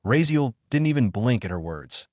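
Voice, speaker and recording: A man narrating a fantasy story in a steady, even storytelling manner. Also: mid-range voice, normal speed, no echo, studio quality. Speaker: audiobook narrator.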